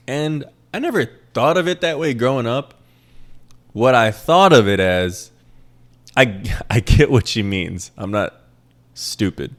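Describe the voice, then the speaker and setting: A young Midwestern man with a plain Midwestern American accent hosts a casual solo podcast in a mid-range voice. He's animated but measured in pace, rambling, self-deprecating, and swearing freely.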